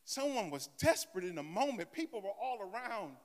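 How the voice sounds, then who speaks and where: A male pastor preaching a sermon dramatically, swinging between soft asides and loud cries and calling on the congregation to answer. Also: high-pitched, sing-song, fairly quick, big-room sound. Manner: call-and-response with the congregation.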